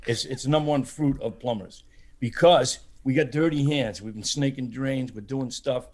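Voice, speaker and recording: A man's voice: medium pitch, moderate pace, a little mellow. A man, a plumber, telling folksy stories and chuckling in a casual podcast chat. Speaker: plumber guest.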